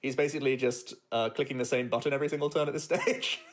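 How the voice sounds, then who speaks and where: A man with a mid-range voice co-commentates a competitive card game. He sounds relaxed and laughs lightly as he breaks down each play. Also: mid-range voice, quick pace. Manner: relaxed, chuckles often while explaining.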